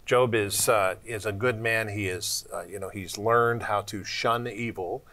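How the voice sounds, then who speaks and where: A man's voice: lowish voice, steady tone, bright, forceful tone. A man hosting a ministry television show, teaching and exhorting in an earnest, preacherly way on a studio microphone. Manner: earnest, exhorting, slows down to stress points. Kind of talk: preacherly Bible discussion.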